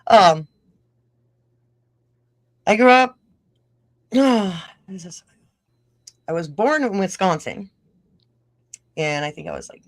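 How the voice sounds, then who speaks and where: A middle-aged woman from northern Minnesota talks in a loose, rambling way, breaking into laughter as she tells stories. Her northern Minnesota accent colours a mid-pitched voice. The recording is close and dry, with no room sound. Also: animated, slow pace, long pauses, dry recording. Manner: chatty, rambling, laughs often while telling stories. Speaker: guest musician-podcaster. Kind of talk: casual interview chat.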